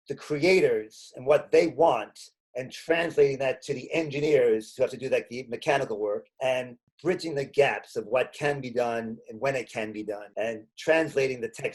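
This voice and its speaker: A middle-aged man from Staten Island talks. His voice sits at an ordinary middle pitch. He answers questions casually and keeps stumbling into restarts and self-corrections. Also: darkish tone, husky. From Staten Island, New York. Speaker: interview guest, comedian.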